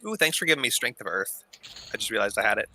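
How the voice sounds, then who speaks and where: A man's voice: on the low side, lively intonation, quick pace, vocal fry, pushed and bright, low-quality recording. A man chatting casually with friends while playing an online game, explaining game mechanics and laughing often. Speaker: player in an online game group. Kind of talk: casual voice chat while gaming.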